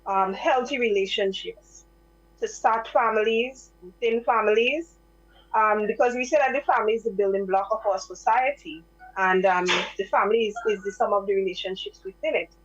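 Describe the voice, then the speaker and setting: A woman hosting a talk show discussion, speaking in a measured way with frequent ums. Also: mid-range voice, muffled recording, slight background noise. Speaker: host.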